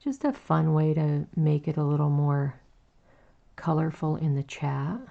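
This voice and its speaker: A woman in her forties with a raspy, low morning voice, chatting slowly and gently with viewers while she crochets on a livestream. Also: muffled recording. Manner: slow, gentle, chatty with fillers, reading out chat. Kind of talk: casual chat while crocheting.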